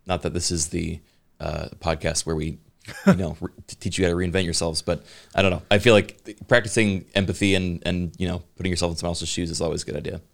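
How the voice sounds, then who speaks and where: Low gravelly podcast dude, kinda monotone, says like a lot. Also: male voice. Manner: halting, full of "like" and "you know". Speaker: podcast co-host. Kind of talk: casual chat.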